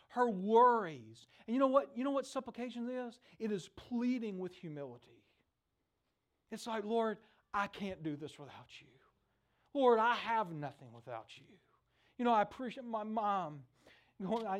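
A middle-aged man preaching a sermon, telling stories with lively acted-out voices. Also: high voice. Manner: animated storytelling, acts out voices in the stories. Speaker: pastor.

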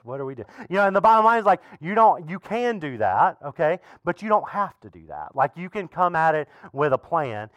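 A man preaching a sermon as pastor in a relaxed, conversational way, with frequent asides to the congregation. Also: a little high, brisk, few pauses, no room sound, dull audio. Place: church.

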